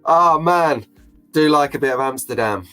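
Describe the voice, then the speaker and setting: A middle-aged man runs a casual live stream, chatty and joking, quick to get openly emotional. His voice sits a touch higher than most men's. Faint music plays behind him. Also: lively intonation, pushed and bright.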